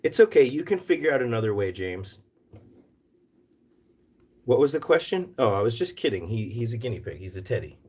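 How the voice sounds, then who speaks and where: A man's voice: medium pitch, big pitch swings, normal speed, pauses often, darkish tone, breathy edge. A man from Northern Virginia hosting a casual live stream about rescue animals, jokey and rambling as he answers viewer comments aloud. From Northern Virginia, US East Coast.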